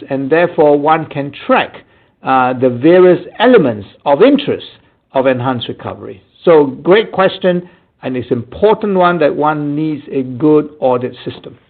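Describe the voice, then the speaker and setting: A male physician answering audience questions in a webinar, explaining in a halting way with many fillers. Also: on the high side. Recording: tinny phone-like audio line.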